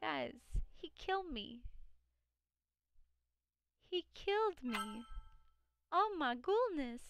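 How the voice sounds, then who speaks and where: A woman's voice: on the high side, expressive, takes it slowly, long pauses, fairly bright tone, a little hiss or hum. A young woman streaming a video game live, chatting and giggling, cooing at enemies in a baby voice. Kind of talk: live gameplay commentary. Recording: music playing under the voice.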